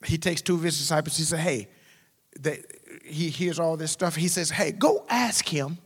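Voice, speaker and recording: A pastor preaching a sermon, swinging from loud, rising exclamations to low, quiet asides. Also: male voice, moderate pace, slightly rough. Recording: long hall reverb.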